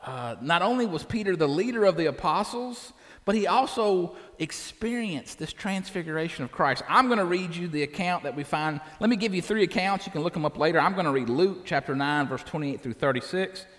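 Animated preacher man in a reverberant hall. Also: a little high, fairly quick. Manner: animated, asks the congregation questions. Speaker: pastor. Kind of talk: sermon.

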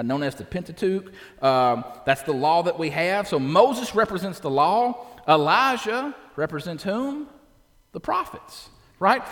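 A pastor giving a sermon to a congregation, animated and posing questions to his listeners. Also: a little high, big-room sound.

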